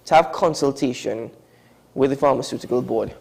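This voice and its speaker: A man with a Trinidadian accent co-hosting a talk show, chatting in a wry, animated way with sharp pitch jumps for emphasis. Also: a little fast, vocal fry. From Trinidad and Tobago. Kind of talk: casual studio chat.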